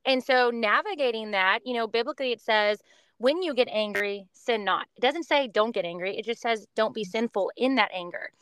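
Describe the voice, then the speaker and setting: Earnest mother sharing her faith, smooth voice. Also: a little high, normal speed, fairly bright tone, no echo. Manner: earnest, reflective, talks in long runs. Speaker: podcast guest. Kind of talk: casual faith-based conversation.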